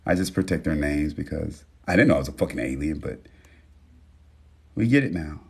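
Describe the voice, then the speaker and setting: With an animated, brisk bass voice carrying vocal fry and a breathy edge, this livestream host chats casually and profanely with his audience. He addresses them as y'all and reads their names aloud, offering warm affirmations.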